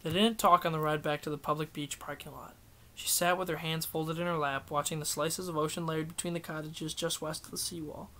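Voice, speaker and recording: Male amateur audiobook reader, slightly high pitch, steady unhurried delivery.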